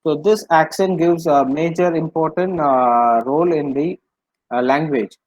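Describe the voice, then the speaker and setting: Slow, patient male language teacher. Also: a little high, darkish tone, lo-fi sound, slight background noise. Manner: patient, repetitive explaining with many fillers. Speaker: French teacher. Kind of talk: online language class.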